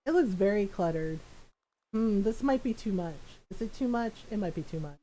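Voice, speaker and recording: A woman's voice: medium pitch, lively intonation, normal speed, a little hiss or hum, rough recording. A young woman streaming a game, chatting casually, telling a story, and laughing often. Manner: quiet muttering while decorating in game. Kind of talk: casual live-stream chat while gaming.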